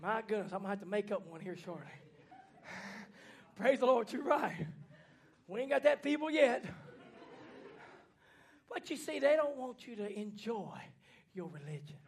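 A man preaching a fiery sermon in a church, folksy and plainspoken, swinging from hushed lines to shouting. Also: sits high, very animated, normal speed, creaky, long pauses. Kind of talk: fiery Pentecostal-style sermon.

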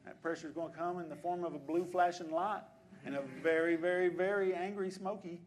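A man, preaching a sermon as pastor of a church, shifting between quiet conversational asides and loud exhortations. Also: sits high, flat delivery, a little fast. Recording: congregation answering in the background. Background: congregation responding.

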